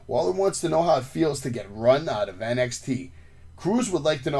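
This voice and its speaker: A man hosting a wrestling podcast in casual chat. He recaps events with lively swings in his voice and turns to his co-host for grades. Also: mid-range voice, moderate pace, slightly rough.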